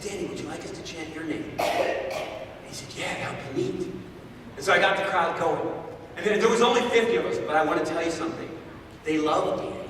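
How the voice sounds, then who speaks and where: A guest speaker gives an animated talk to a live audience, telling a story and repeating words, heard from a distance in an echoey hall. His voice is high-pitched, and there's a little background noise.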